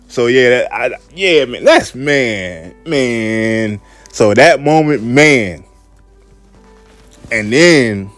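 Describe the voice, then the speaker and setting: A man's voice: mid-range voice, expressive, a little slow, no room sound, soft background music. A man hosting a casual solo podcast, laid-back and repetitive, often saying "man". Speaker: podcast host.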